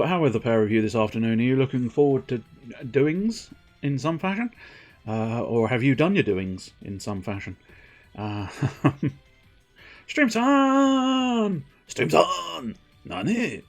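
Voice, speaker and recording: Animated and a little mellow, this mid-range male voice moves at normal speed, with soft music in the background. He's commentating live on a video game, chatting loosely with viewers, mocking himself, and breaking into funny voices.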